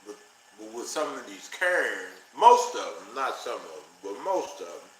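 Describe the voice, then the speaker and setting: A man's voice: lowish voice, very animated, normal speed. A man hosting a casual livestream, talking earnestly and directly to his viewers. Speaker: livestream host. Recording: roomy with faint noise.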